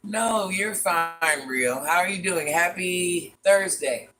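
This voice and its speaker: Taking it slowly, a man with a high-pitched, sharp-toned voice runs a casual livestream in a granny persona. He's chatty and theatrical, greeting viewers by name, calling them "child" and "honey bun," and repeating lines for effect.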